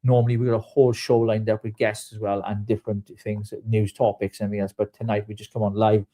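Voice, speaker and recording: A man's voice: on the low side, level tone, quick pace, mellow. A man co-hosting a live web show, giving chatty announcer-style plugs that are full of restarts. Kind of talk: live-stream sign-off chat.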